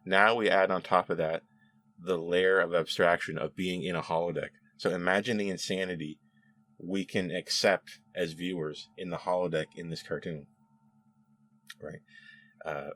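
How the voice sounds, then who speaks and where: A man hosting a casual spoken review, chatty and animated, with frequent laughs and restarts. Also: low voice, moderate pace. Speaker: show host reviewing episodes.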